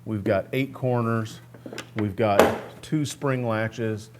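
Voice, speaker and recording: A man's voice: fairly low pitch, slow pace, very noisy. A man hosting a restoration channel, talking casually through a hands-on project step by step while he works in a workshop. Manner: relaxed, plainspoken explaining while working. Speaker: host of a guitar restoration channel. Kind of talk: casual step-by-step how-to talk.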